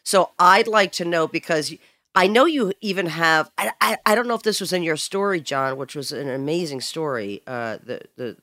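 A male podcast host with a bright, tense voice, recorded dry and close. He talks in a casual, halting way, often restarting and repeating words as he asks questions. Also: a little high, expressive, no room sound. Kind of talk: casual interview chat.

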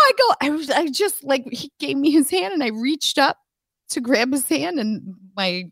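A woman telling a story on a podcast in casual chat, animated and swearing often between bursts of laughter. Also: sits high, moderate pace, dry recording. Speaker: podcast co-host.

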